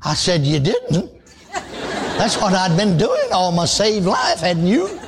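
A man's voice: sits high, wildly swooping pitch, slow, a crowd in the background, noisy background. An older man, preaching a sermon in a folksy, conversational storytelling way, full of asides and repeated words.

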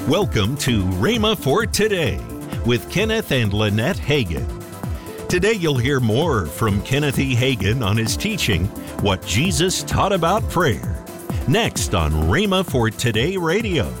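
A man reading scripted radio announcements in a smooth, measured way. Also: mid-range voice, big pitch swings. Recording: music bed under voice.

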